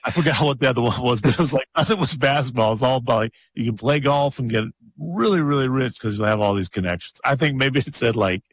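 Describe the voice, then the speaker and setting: A man's voice: medium pitch, quick pace, few pauses. A man co-hosting a casual chat, jokey and laughing through his own remarks. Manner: jokey, laughing while telling.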